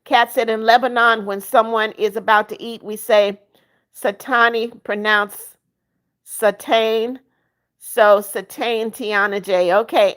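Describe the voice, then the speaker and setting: A woman in her seventies hosting a livestream, reading viewers' comments aloud and greeting them by name. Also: on the high side. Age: 70s. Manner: sings happy birthday softly. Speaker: livestream host. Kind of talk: casual live-chat reading.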